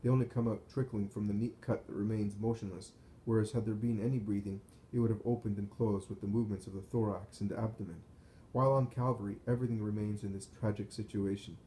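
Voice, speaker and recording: A man reading a first-person visionary account in a measured, solemn way. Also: fairly low pitch, steady tone, dark tone, slight background noise, rough recording. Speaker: narrator. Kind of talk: scripted first-person narration of a visionary text.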